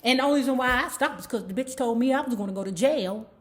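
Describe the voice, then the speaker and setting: A woman's voice: fairly high pitch, quick pace, lightly acted. A woman voicing an aging male soul singer who talks bluntly and profanely in a laid-back way.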